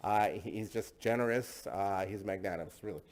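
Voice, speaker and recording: A man's voice: fairly low pitch, brisk, a little mellow. A man hosting a casual tasting discussion, enthusiastic and chatty, often repeating himself. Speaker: host.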